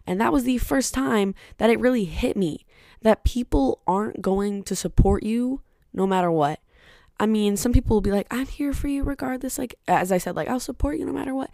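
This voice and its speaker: A young woman hosts her own podcast, talking casually, candidly and bluntly, swearing often and rambling off into chatty side remarks. Her mid-range voice has a warm tone, captured in a dry, studio-quality recording.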